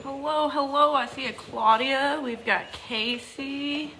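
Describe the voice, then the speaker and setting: A woman's voice: sits high, takes it slowly, sharp tone, slight background noise, poor audio. A tired woman with a Southern accent chatting casually on a livestream from a barn, greeting viewers by name while she works. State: tired from lack of sleep. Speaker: goat farmer hosting a livestream. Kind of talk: casual live-stream chat.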